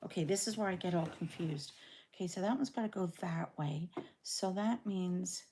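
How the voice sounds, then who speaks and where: In a mellow, slightly rough voice on the low side, an English-born woman in her sixties with a Canadian accent talks at a moderate pace. She's a quilting vlogger sewing along on camera, chatty, rambling and quick to poke fun at herself.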